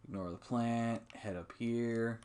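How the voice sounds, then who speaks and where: Male let's-play host, mid-pitched, relaxed rambling commentary with frequent swearing. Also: slow pace. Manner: relaxed, rambling, swears often, laughs at himself. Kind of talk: casual gameplay commentary.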